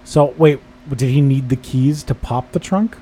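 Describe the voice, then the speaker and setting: A man's voice: mid-range voice, unhurried, dark tone, husky. A man asking skeptical questions. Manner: questioning, skeptical, plays devil's advocate. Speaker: podcast co-host. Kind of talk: casual chat.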